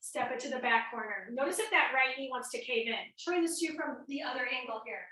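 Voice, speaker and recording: Woman fitness instructor, high and sharp, a bit winded, echoey room, mic across the room. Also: animated, brisk, distant mic. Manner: upbeat counting cues, coaching while exercising. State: a little out of breath. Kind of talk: workout class instruction.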